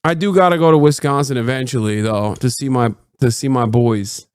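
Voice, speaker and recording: A man in his thirties ranting excitedly and profanely while commentating on a live stream. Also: medium pitch, fairly quick, smooth, no room sound, clean studio sound.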